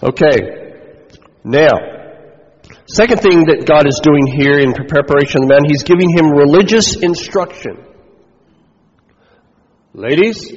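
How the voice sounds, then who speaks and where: A man who is a pastor, giving a conversational sermon and putting questions to his listeners. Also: on the high side. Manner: conversational preaching, asks the congregation questions. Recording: dull recording with long hall reverb.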